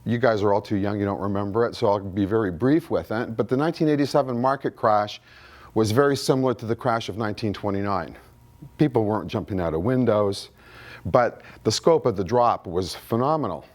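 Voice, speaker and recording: A man's voice: on the low side, a little fast, darkish tone. A man, speaking as a guest at an investing conference. He tells anecdotes, acts out both sides of remembered conversations, and quizzes the audience with show-of-hands questions. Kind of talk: seminar storytelling talk. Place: indoor conference room.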